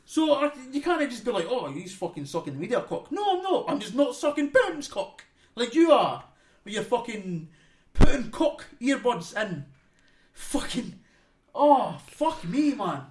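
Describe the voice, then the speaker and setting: Young Scottish male podcast co-host, high voice, swears constantly, rants with mocking put-on voices. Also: big pitch swings, unhurried, slight background noise. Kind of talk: profane casual chat, ranting.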